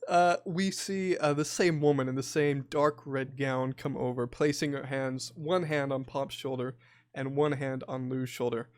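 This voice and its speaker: A man narrating a tabletop game as game master, relaxed and halting with fillers. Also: medium pitch, clean tone, dry recording, clean studio sound.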